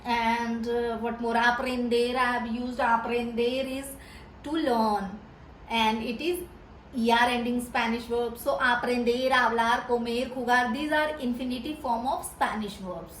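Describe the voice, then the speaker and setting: Woman tutor, Hindi native speaker, unhurried and halting, faint hum behind her. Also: a little high, fairly even intonation, fairly bright tone. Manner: hesitant, many pauses and fillers. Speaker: Spanish tutor. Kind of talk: slow explanatory lesson. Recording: echoey room with faint background hum.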